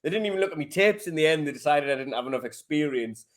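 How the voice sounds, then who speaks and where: Chatty Geordie comedian, slightly high voice. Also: male voice, expressive, fast talker. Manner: chatty, self-deprecating humour. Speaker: stand-up comedian guest. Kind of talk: casual podcast chat.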